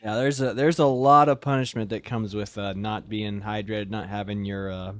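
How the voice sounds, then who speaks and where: A man who is an officer candidate, telling army stories in a measured, wry, self-assured way. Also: on the low side, fairly even intonation, no room sound, clean studio sound. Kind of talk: casual storytelling in an interview.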